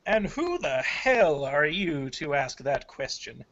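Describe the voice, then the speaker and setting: A man's voice: fairly high pitch, sing-song, slow, a bit bright, heavily acted. A man voicing a haughty, contemptuous wealthy townsman, with dull lo-fi audio. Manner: contemptuous, demanding.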